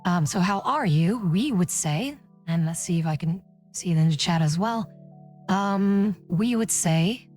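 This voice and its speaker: A woman's voice: fairly low pitch, animated, unhurried, darkish tone. Woman streamer teaching her dialect, lots of um and like, faint music behind. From West Flanders, Belgium. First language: West Flemish. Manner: rambling, full of "um" and "like". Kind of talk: casual live-stream lesson.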